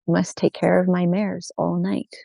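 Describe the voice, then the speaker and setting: A woman's voice: on the low side, little pitch movement, moderate pace, creaky, mellow, no room sound, clean studio sound. A woman storyteller voicing an old woman who owns a herd of mares, speaking in a commanding, matter-of-fact way. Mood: stern. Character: old woman, stern horse owner.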